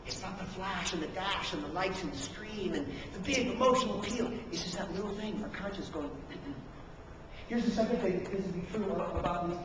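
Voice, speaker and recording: A man's voice: high-pitched, fairly quick, hardly any pauses, background noise. A middle-aged male pastor preaching a conversational sermon, acting out little inner dialogues. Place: church sanctuary. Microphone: camcorder from the back of the room. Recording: distant echoey hall camcorder recording.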